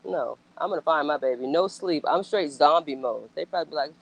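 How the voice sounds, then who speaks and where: Here a deep-voiced woman with vocal fry talks briskly, casually reacting to something as a commentator. She's emphatic and blunt, swears a lot, and throws out rhetorical questions in animated bursts, all on a rough recording.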